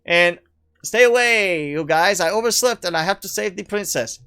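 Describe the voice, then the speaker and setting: A man's voice: high-pitched, normal speed, bright, forceful tone, clear, resonant tone. Goofy video-game plumber hero, over-the-top mock accent, exclamations; a male streamer doing the bit. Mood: playful. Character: cheery Italian-style plumber hero, male.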